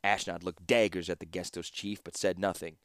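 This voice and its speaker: A male narrator reading a fantasy novel aloud in scripted audiobook narration. His voice is low and steady, and it is recorded close and dry with no room sound. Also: a little fast, no echo.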